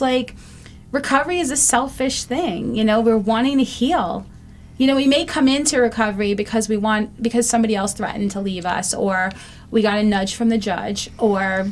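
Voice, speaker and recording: A fifty-something woman hosting a recovery show speaks earnestly and reflectively in a casual monologue, often saying um. Her pitch is fairly high, with a little hiss or hum in the background.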